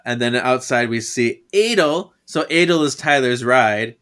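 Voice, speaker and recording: A man's voice: mid-range voice, animated, a little slow, fairly bright tone, clear, resonant tone. A man co-hosting a podcast, chatting casually about a comic, musing and laughing often. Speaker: podcast co-host. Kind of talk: casual comic read-along recap.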